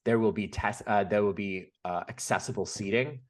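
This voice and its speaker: A man's voice: fairly low pitch, normal speed. A man co-hosting a podcast, chatting casually in a loose, rambling way. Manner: loose, rambling, with fillers and restarts. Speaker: podcast co-host.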